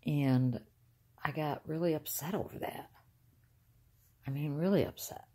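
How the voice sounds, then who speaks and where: An older woman talking casually to her viewers from inside a car, soft-spoken and halting, trailing off with sighs. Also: sits low, breathy edge. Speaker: vlogger. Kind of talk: rambling casual talk to camera.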